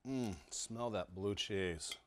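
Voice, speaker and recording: A middle-aged man hosts a home cooking show, demonstrating recipes in his kitchen in a fairly low, fairly bright voice at a slow pace. He enthusiastically savors every bite aloud with plenty of "mm" and "wow," and there's a little hiss or hum.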